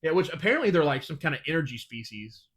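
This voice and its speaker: Joking young man, slightly high voice. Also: very animated, fast, fairly bright tone, husky. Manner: laughing, joking, sarcastic asides. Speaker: podcast co-host. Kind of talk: casual profane chat.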